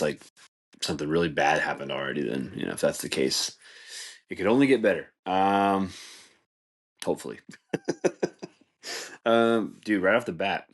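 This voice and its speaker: A man hosting a podcast, rambling through a casual comedic monologue and laughing at his own jokes. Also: deep voice. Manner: rambling, laid-back, says "dude" and "like" a lot, laughs at his own jokes. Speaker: podcast host.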